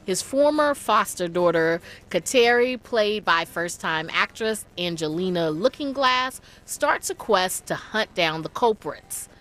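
A woman radio host presenting a scripted arts segment and starting an interview, in a clear, friendly manner. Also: mid-range voice, expressive, a little slow, hardly any pauses, a bit bright.

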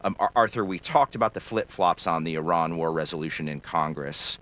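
A man moderates a political news panel in a crisp, scripted broadcast manner. His voice sits low and deep, with a bright, forceful edge. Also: fairly even intonation, brisk. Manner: crisp, scripted delivery that hands questions to panelists. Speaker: news show host.

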